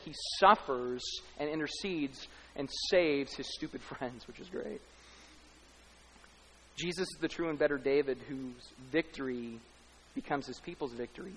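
A man's voice: mid-range voice, a little hiss or hum. A man preaching a sermon as pastor, speaking emphatically, building runs of repeated lines and rhetorical questions. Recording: long hall reverb.

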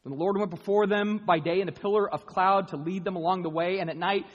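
A man preaching a sermon to a room of people, animated and playful, acting out quick voices and jokey asides. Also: high voice, highs cut off. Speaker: pastor. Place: large room with an audience. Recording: long hall reverb.

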